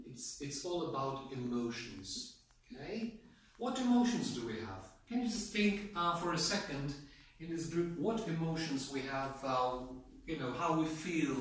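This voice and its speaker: A man's voice: a little high, expressive. A man teaching an English pronunciation class, prompting students and drawing out example words. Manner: prompting, drawn-out model words. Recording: echoey classroom from far off.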